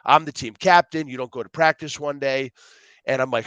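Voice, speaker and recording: A man as a podcast guest telling stories in a rambling, animated way, acting out dialogue and jumping between tangents. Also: medium pitch, brisk, no echo, lo-fi sound. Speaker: podcast guest, youth speaker. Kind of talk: casual storytelling interview.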